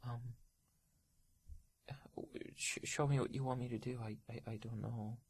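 A woman's voice: a bass voice, fairly even intonation, unhurried, long pauses, darkish tone, husky, no room sound. A young woman in a solo audio role-play, speaking in a hesitant, stammering, pleading way and often dropping to a whisper.

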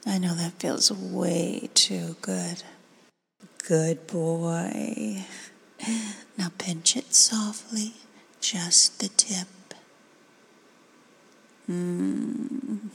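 Whispered role-play: woman, low and very breathy, slow coaxing commands. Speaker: ASMR performer.

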